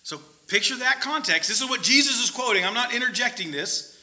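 A male preacher with a high voice and a very bright, sharp tone. He gives a conversational sermon, checks in with his listeners as he goes, and swings between loud emphatic points and quiet asides. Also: expressive, a little fast, low-quality recording.

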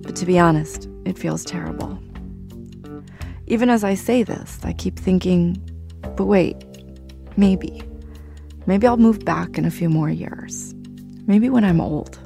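Argentine-born woman narrator, reflective personal storytelling, gravelly low register. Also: moderate pace, dark tone, soft background music. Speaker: journalist and narrator.

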